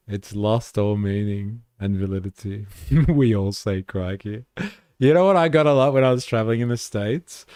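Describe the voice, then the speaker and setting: A man's voice: on the low side, a little mellow, clear, resonant tone, dry recording, studio quality. A young Australian man hosting a livestream, chatting casually in a laid-back, profane way and laughing often. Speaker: livestream host.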